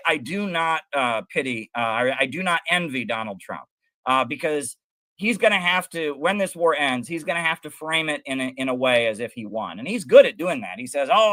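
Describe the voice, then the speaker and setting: A man's voice: a little high, pushed and bright, no room sound. A man co-hosting a political talk show, explaining history and ideas in a lecturing way. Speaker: co-host. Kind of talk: political commentary chat.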